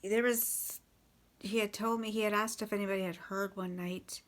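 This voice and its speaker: A woman casually recounting life with a partner's drinking, halting and swearing bluntly, with many restarts. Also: medium pitch, fairly even intonation. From Canada. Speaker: partner of a recovering alcoholic. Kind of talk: casual personal storytelling.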